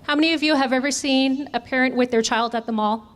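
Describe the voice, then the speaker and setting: Leading an interactive workshop in a conference room, a woman trainer keeps things engaging by posing questions to the audience and then answering them. She speaks fast in a high, steady tone.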